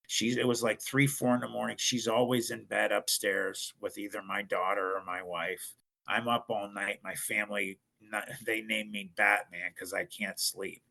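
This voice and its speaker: A man's voice: fairly low pitch, vocal fry, pushed and bright. A middle-aged man from Ohio, a podcast guest telling a personal story in an earnest, emphatic way.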